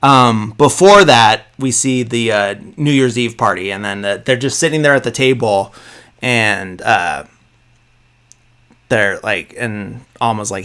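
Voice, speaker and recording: A man hosting a podcast, casually recapping a film's plot, full of fillers and quick asides where he quotes the characters. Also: fairly low pitch, clear, resonant tone. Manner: rambling, filler-heavy, quoting characters in a flat voice. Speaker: podcast host.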